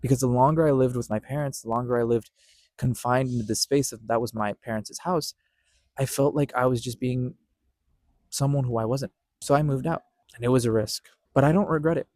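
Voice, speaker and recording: A young man talks straight into a close, dry mic with almost no room sound around him. His pitch sits in the middle of the range. His delivery is earnest and reflective, and he circles back over his own phrases as he tells a personal story. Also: brisk, darkish tone, no room sound. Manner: earnest, repetitive, with self-corrections. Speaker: podcast host.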